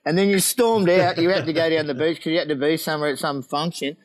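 A man's voice: fairly high pitch, fast talker. A man with an Australian accent telling pranks in casual chat, laughing often, swearing and acting out what others said.

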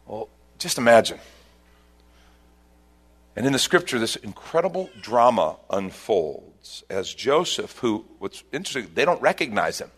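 A man preaching a sermon, retelling a scripture story and leaping up in pitch at its dramatic turns. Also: a little slow, breathy edge. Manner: animated storytelling, voice rising sharply at dramatic points. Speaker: pastor.

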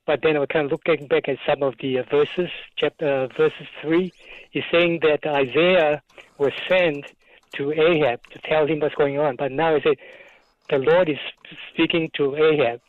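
A man's voice: on the high side, steady tone, normal speed, no room sound. A man calling in to a radio show, asking a question in a polite, careful way. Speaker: caller. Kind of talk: call-in question. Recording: tinny phone line.

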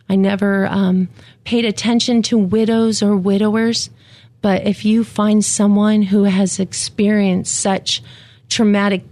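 Slow, gravelly-voiced widow sharing faith. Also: female voice, mid-range voice. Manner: slow, gentle, reflective, with fillers. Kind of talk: personal devotional talk.

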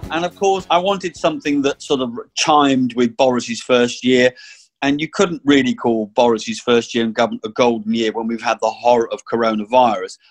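A man hosting a casual political chat, measured and hesitant, thinking aloud with fillers. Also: mid-range voice, fairly even intonation, soft background music. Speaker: podcast host.

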